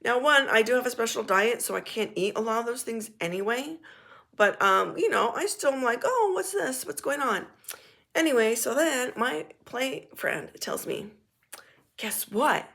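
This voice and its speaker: A woman vlogger telling a casual story in a frank, animated and blunt way, now and then swearing. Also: on the high side, moderate pace, vocal fry.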